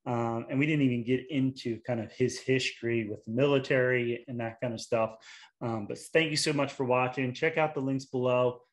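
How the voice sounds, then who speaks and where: A man's voice: mid-range voice, steady tone. A man hosting a casual interview, rambling with many restarts and fillers. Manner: rambling, halting with repeated restarts. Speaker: interview host.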